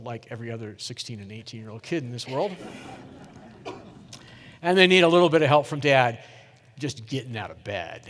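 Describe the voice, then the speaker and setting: A middle-aged man giving a keynote talk, telling a story in a lively way and putting questions to the audience. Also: medium pitch. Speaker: keynote speaker. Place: conference hall. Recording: reverberant conference hall.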